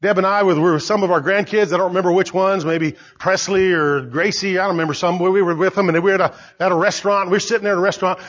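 An older man preaching a sermon as pastor, emphatic and rising to shouts. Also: high voice. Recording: dull lo-fi recording.

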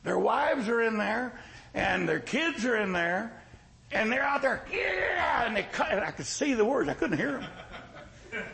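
Gravelly high-voiced folksy preacher man. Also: lively intonation, unhurried, a bit bright, poor audio. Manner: folksy, joking, emphatic repetition. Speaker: pastor. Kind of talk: sermon.

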